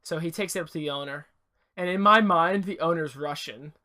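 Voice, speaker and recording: A man co-hosting a podcast, retelling a story in casual chat with an animated, rambling delivery full of restarts and asides, recorded in an attic. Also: on the high side, brisk. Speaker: podcast co-host.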